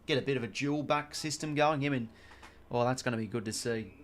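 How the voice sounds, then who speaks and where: Here a young Australian man hosts a watch-along live stream, his medium-pitched voice moving a little fast. He calls the play in a rambling, chatty manner, cursing freely and chatting between passages.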